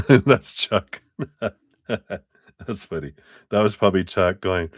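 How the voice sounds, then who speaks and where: Slow, deep-voiced man reading tarot. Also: no room sound, clean studio sound. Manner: chatty, laughs often. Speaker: tarot reader.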